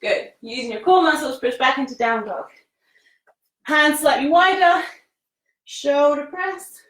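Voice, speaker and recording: With a high-pitched, slightly bright voice at a measured pace, a woman teaches a live-streamed yoga class, slightly winded as she exercises and cues breaths and poses. She's encouraging and casual, with British phrasing and frequent laughter, recorded at a distance in an echoey room.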